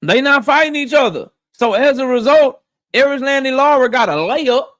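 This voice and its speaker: Young man, very high voice, boxing talk host, blunt, cussing, repeats himself for emphasis, casual opinionated commentary. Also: animated, normal speed, fairly bright tone.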